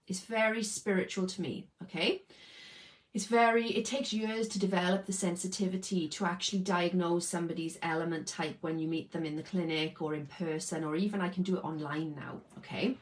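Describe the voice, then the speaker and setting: A woman talks casually to her viewers about her healing practice, pitched a little low. She explains as she goes and keeps checking in with "okay?". Her tone is informal and unscripted. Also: steady tone, fairly quick, low-quality recording. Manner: chatty, explains with lots of "okay?" tags. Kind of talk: casual talk to camera.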